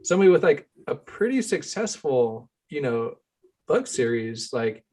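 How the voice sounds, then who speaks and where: A man's voice: mid-range voice, sing-song, normal speed, darkish tone. A man co-hosting a book podcast, rambling in casual chat with many filler words. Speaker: podcast co-host.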